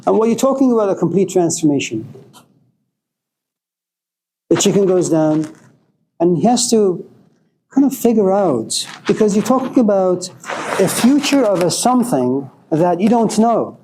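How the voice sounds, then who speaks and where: Male lecturer, philosophical and digressive, mellow tone, slow deliberate delivery. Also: high-pitched, expressive, slight background noise, rough recording.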